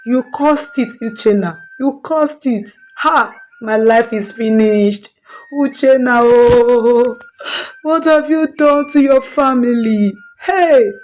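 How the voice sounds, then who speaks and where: A woman voicing a distraught, wealthy, middle-aged wife who wails and cries out in a shrill lament. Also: unhurried, slight background noise, natural voice. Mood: wailing.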